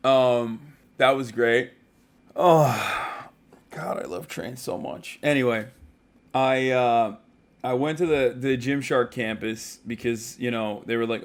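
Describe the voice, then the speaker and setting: A man's voice: medium pitch, slow. A man livestreaming from a hotel room, chatting casually with rambling, profane jokes.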